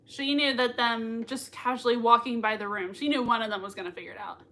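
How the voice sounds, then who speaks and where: A woman hosting a live watch-party reaction, gushing excitedly, laughing often and reading out chat comments. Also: on the high side, a little fast. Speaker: livestream reaction host.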